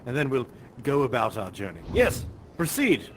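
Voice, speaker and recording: A man's voice: mid-range voice, wildly swooping pitch, normal speed, a little hiss or hum. An actor playing a genteel, chatty male professor who guides visitors in a live virtual-reality performance, courtly and polite and chuckling often. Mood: genial. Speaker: live actor guiding players.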